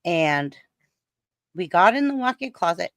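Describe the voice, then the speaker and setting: A middle-aged woman in casual chat, telling a story with lively sound effects. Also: on the low side, measured pace, no echo, clean studio sound. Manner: animated storyteller who mimics sounds.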